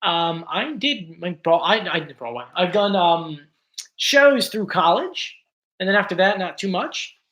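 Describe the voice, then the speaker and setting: A man's voice: high-pitched, lively intonation, a little slow, bright, forceful tone. Chatty man rambling through viewer questions. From South Jersey, USA. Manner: chatty and rambling, full of likes and ums. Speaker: YouTube show host. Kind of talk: casual livestream Q&A reading viewer comments.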